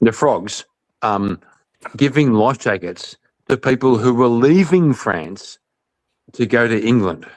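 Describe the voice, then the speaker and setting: A man in rough, profane casual chat who keeps ranting in mock anger at the others. His voice swings widely up and down as he talks, sitting at a middle pitch. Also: expressive, slow. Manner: loud, profane, mock-angry banter.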